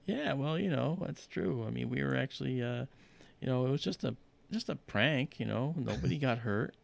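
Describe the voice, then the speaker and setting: A man hosting a livestream, telling a story in casual chat and acting out quotes in high voices. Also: lively intonation, moderate pace, creaky. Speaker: livestream host.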